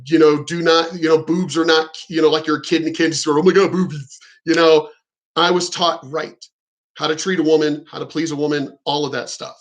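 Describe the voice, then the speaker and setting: A man's voice: on the high side, flat delivery, brisk. A middle-aged man vlogging, telling a frank, profane and rambling story about his sex life. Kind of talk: candid storytelling monologue.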